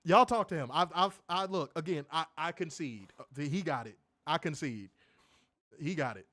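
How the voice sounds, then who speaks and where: A young man casually reviewing a wrestling show, excitable and slangy, laughing often and repeating phrases. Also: a little high, moderate pace, no echo. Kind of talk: casual live-stream commentary reading chat.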